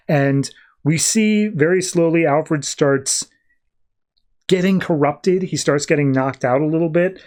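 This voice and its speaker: A man's voice: on the high side, expressive, moderate pace, darkish tone. A man hosting a podcast, recapping a comic issue in a rambling, casual way. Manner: rambling, slips into quoted voices. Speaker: podcast host.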